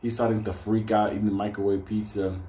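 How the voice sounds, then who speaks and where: A man's voice: little pitch movement, brisk, warm tone, roomy sound, a little hiss or hum. A man telling a rambling, profane comic story about his own past, often breaking into laughter. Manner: profane, laughs often, raises his voice high for quoted lines.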